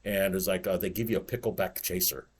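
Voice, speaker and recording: Fast-talking rambling male podcast host. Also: low voice, steady tone, breathy edge. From United States. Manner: rambling storyteller, lots of "it's like" and laughing asides. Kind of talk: casual chat.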